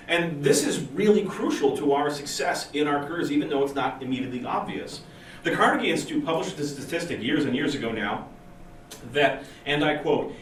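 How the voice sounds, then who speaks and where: A man giving a conference talk to a room of engineers, chatty and lively, acting out the people in his stories. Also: fairly high pitch. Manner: lively, conversational, acts out quoted people. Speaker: conference speaker. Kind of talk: technical conference talk with storytelling. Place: meeting room at a user group event. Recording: roomy and distant with faint noise.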